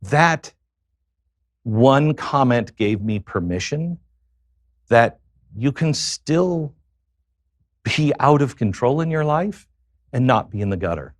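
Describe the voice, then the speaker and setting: A man being interviewed as a guest, telling a confessional personal story in a halting way, with many pauses and fillers. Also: mid-range voice, lively intonation, no echo, clean studio sound.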